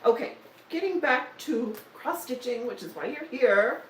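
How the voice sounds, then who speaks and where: A woman's voice: on the high side, lively intonation, measured pace, roomy sound, distant mic, slight background noise, rough recording. A woman, chatting casually on a live stream about her stitching projects, with joking asides and self-deprecating humor. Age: 60s. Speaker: stitching vlogger.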